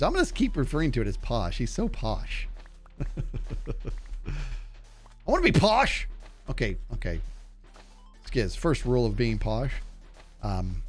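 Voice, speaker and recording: A man with a nasal voice chatting casually on a gaming livestream, reading and answering his chat as he plays. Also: mid-range voice. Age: adult. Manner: chatty, reads and answers chat while playing. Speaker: streamer.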